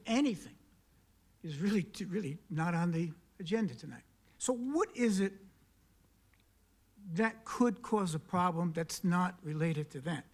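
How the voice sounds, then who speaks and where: A man speaking at a county council meeting, making an emphatic public comment full of pointed questions and repeated key words. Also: high-pitched. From South Carolina. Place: council chamber.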